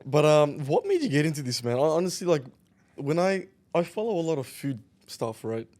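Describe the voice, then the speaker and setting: A man hosting a podcast, asking questions in a relaxed, chatty way. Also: on the high side, brisk. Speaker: podcast host. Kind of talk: casual interview chat.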